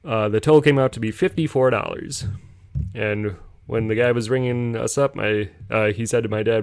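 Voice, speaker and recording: A man's voice: mid-range voice, expressive, normal speed, darkish tone, no echo, studio quality. A young man casually telling a rambling story on a podcast, chuckling as he goes. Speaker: podcast host.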